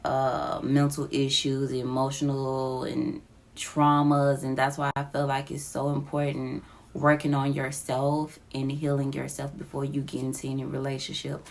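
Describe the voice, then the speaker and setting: A woman speaks into her phone in a personal confessional vlog. Her voice sits low with a gravelly fry, and she talks slowly, pausing often. She sounds emotional and close to tears. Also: completely flat delivery. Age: adult with children. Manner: slow, halting, emotional, near tears. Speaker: vlogger. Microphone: phone app recording.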